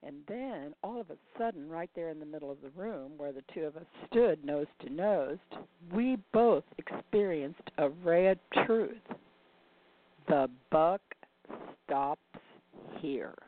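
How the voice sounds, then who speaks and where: A woman's voice: sits low, animated, moderate pace. An older woman telling a reflective story and posing rhetorical questions to the listener. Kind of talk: reflective spoken monologue. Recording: dry, tinny phone-like sound.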